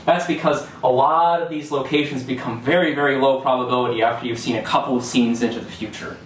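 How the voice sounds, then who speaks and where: Speaking fast in a steady, mid-range voice, a young student presenter explains his material step by step in a loose manner, restarting and using fillers. The sound comes from far off in an echoey lecture hall, with a little hiss or hum.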